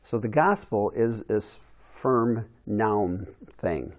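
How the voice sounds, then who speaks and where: A man's voice: lowish voice, animated, slow, a little mellow. A man giving a conversational Bible lesson to a group, asking them questions and restarting his sentences as he thinks aloud. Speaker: Bible teacher.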